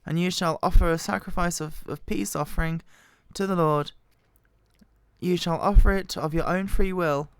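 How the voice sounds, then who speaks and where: Woman, hoarse with a cold, halting and quiet, smooth tone under the strain. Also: steady tone, no echo. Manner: quiet, halting, voice wobbling in pitch. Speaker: Bible reader. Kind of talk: slow scripture reading. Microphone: very close to the microphone.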